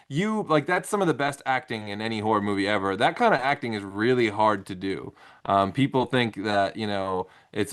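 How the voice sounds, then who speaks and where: A man hosting a casual panel chat, telling stories in an animated, profane way. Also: mid-range voice, fairly quick, few pauses.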